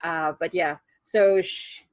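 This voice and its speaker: A woman's voice: lowish voice, steady tone, slow pace, dry recording. A woman narrating a tabletop game as game master in a chatty, rambling way. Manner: chatty, many fillers and restarts, laughs.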